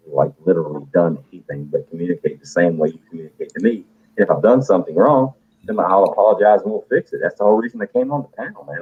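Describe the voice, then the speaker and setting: A low-voiced man with a husky edge speaks in casual chat, emphatic and profane as he rambles on. His voice comes through a tinny phone-line connection. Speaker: caller on a live audio panel.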